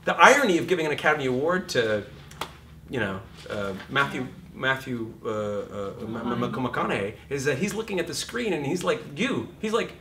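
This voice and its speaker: A man's voice: medium pitch, animated, normal speed, distant mic, background noise. A man teaching an acting class, talking animatedly, swearing freely and acting out little scenes in put-on voices.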